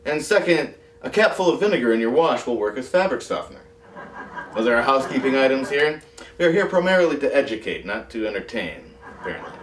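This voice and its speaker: A talk show host performs a comic monologue sprinkled with dry, self-mocking asides, talking fast in a sing-song way at medium pitch. He's far from the mic, so there's roomy echo, faint music, and a little hiss or hum.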